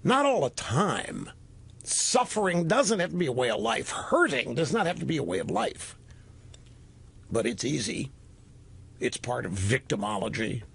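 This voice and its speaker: A man's voice: a little slow, vocal fry, slightly rough. A man in his sixties hosting a call-in radio talk show, talking in an emphatic, opinionated way. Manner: emphatic, animated, sweeping pitch swings. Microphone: studio microphone. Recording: dry close studio sound.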